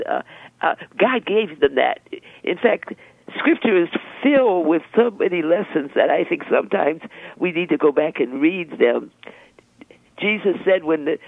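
An older woman, a religious sister, speaking in a gentle preaching and storytelling way, often repeating words as she begins a thought. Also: low voice, vocal fry, breathy edge, no room sound. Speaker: religious sister, interview guest. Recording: dry, phone-like narrow sound.

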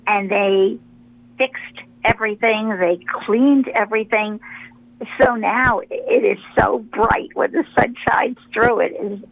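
A woman, a religious sister, telling stories in a relaxed radio interview, pausing often with fillers as she rambles along. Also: medium pitch, no echo, phone-quality sound. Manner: rambling, warm storytelling with many pauses and fillers.

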